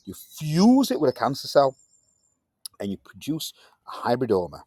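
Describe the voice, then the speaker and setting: Male science teacher, playful in class. Husky, dry voice. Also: darkish tone, dry recording. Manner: playful, jumping into high silly voices to act things out. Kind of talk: classroom lesson.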